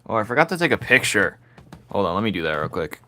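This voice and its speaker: Deep-voiced man chatting while he draws. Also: sing-song, fast talker, pushed and bright. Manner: laid-back, teasing, talks to himself while he works. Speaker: artist drawing on camera. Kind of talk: casual commentary while drawing.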